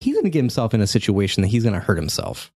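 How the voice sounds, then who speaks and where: A man in his forties casually recapping a video game for a podcast, telling the story with animated energy and frequent laughter. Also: fairly low pitch, rapid-fire, breathy edge, dry recording. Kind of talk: casual chat.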